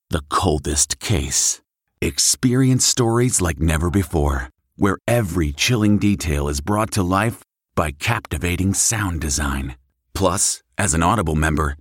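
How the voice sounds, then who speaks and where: A man reading a scripted promotional ad in a smooth, even delivery. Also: sits low, no echo, clean studio sound. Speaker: ad announcer. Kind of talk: scripted ad read.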